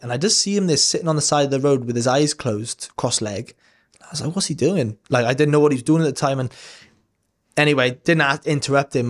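A man in his thirties telling a personal story as a podcast guest, casual and earnest, rambling with frequent restarts and some swearing. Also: mid-range voice.

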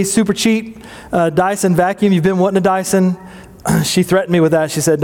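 A man's voice: a little high, a little mellow. A man in his forties telling family stories in a folksy, joking sermon, often asking the audience questions. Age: 40s. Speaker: pastor. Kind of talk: casual sermon storytelling. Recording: long hall reverb.

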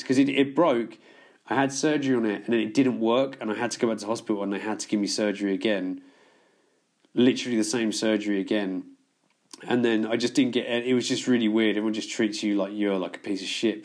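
A man telling long stories in casual podcast chat, swearing freely and laughing as he goes. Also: on the low side. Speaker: podcast guest.

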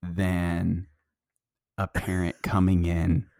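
A man's voice: low voice, completely flat delivery, extremely slow, creaky, darkish tone, no room sound, clean studio sound. A young man co-hosting a casual podcast chat, enthusiastic, with eager interjections. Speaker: podcast co-host.

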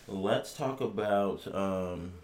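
A laid-back man co-hosting a podcast with a fairly low voice. He talks straight to the audience in casual chat, calling them "y'all". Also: drawn-out words, noisy background. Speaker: podcast co-host and streamer.

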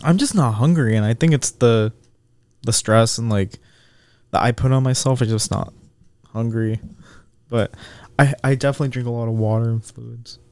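A man's voice: medium pitch, normal speed, long pauses, a little mellow, dry recording. A young man co-hosting a podcast, chatting casually and candidly, often laughing. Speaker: podcast co-host.

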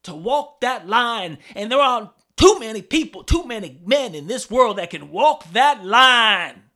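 A man's voice: extremely high pitch, sing-song, a little slow, pitched above the performer's own voice, full character voice. A man putting on a boastful, swaggering male pro wrestler persona with a put-on Southern drawl. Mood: bragging. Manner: bragging, loud promo-style bluster.

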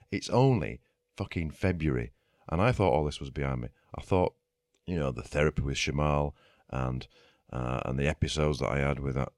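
Very deep-voiced ranting man. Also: no room sound, studio quality. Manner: ranting, sweary, mock-outraged. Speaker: podcast host. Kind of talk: comic monologue rant.

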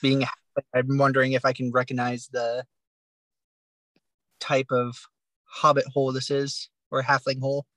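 A man's voice: medium pitch, completely flat delivery, unhurried, long pauses, fairly bright tone, dry recording, low-quality recording. Man playing a tabletop game. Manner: polite, thoughtful questions. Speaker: player. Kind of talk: casual tabletop play.

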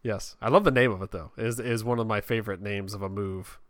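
A man co-hosting a casual chat, talking in a relaxed way and often repeating words as he starts a sentence. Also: fairly low pitch, brisk, dry recording, studio quality. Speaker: podcast co-host.

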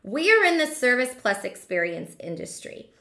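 A woman coaching fellow hairdressers in a motivational monologue, her fairly high voice swinging widely in pitch. She fires off rhetorical questions and slows right down to stress her points. The room around her is echoey. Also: very animated, gravelly, bright, forceful tone.

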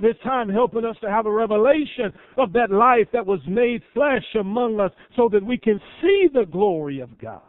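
A man's voice: sits high, animated, no echo. Man preaching a sermon, tinny phone-like sound. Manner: swells loud then drops soft, dramatic pauses. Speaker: pastor.

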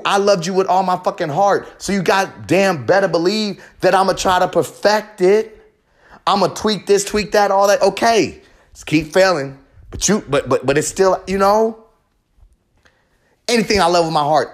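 A man hosting a podcast, delivering a raw, profane, rambling confessional monologue with real passion. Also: high voice. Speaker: podcast host.

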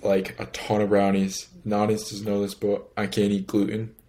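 A young man co-hosting a podcast, joking and talking in quick bursts. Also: on the low side, completely flat delivery, mellow. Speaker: podcast co-host. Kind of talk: casual chat.

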